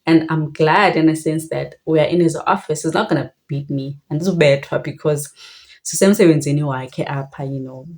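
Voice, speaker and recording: Low-voiced South African woman storyteller. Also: moderate pace, darkish tone. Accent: South African, Xhosa. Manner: reflective, switches between languages mid-sentence. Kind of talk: personal storytelling.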